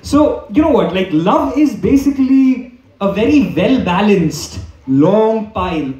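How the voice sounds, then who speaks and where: A man's voice: high-pitched, animated, measured pace, a little mellow, dull audio. A man doing a stand-up comedy set on a club stage, rambling with lots of fillers and restarts while the audience laughs. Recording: echoey room, mic far off.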